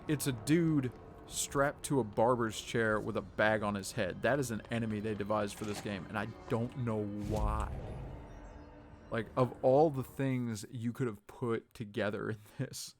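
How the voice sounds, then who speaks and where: Sarcastic man streaming a game. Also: mid-range voice. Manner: sarcastic, playful, talks to game characters. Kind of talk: live gameplay commentary. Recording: live stream with background game noise.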